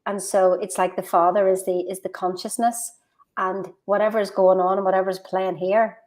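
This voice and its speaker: Female co-host; chatty storyteller, halting restarts, relaxed conversational delivery. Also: medium pitch. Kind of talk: casual motivational chat.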